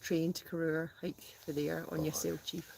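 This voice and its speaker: A woman's voice: sits low, flat delivery, moderate pace, gravelly, darkish tone. Woman chatting away in a noisy tent, reads out comments, laughs a lot. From Scotland. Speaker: guest, host's sister. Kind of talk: casual live stream chat. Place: inside a smoky tent.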